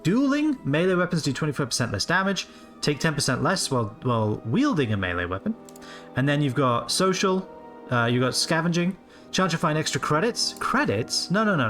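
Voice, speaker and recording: A man in his late twenties chats his way through a game stream in loose, rambling commentary, cursing freely. His voice sits a little high and is very lively in pitch. Soft game music plays behind him. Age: late 20s. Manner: rambling, casual, swears freely. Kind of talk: live gameplay commentary.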